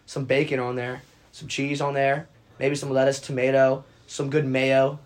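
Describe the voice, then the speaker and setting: A man's voice: mid-range voice, flat delivery, moderate pace. A young man hosting a casual sports podcast, easygoing and asking his guest questions. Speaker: podcast host.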